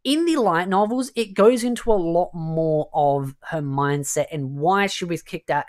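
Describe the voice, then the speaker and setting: A woman giving a casual spoken review of a light novel, emphatic and chatty, often worked up and exasperated. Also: low-pitched. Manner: chatty and emphatic, leaning on "of course" and "definitely"; gets worked up and exasperated at the characters.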